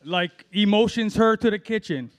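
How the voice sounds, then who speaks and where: A man from Hawaii with a fairly high voice works through an open-mic stand-up set. He rambles, fills gaps with ums and long pauses, and sounds middle-aged. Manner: rambling storytelling with fillers and drawn-out pauses. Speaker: amateur stand-up comic.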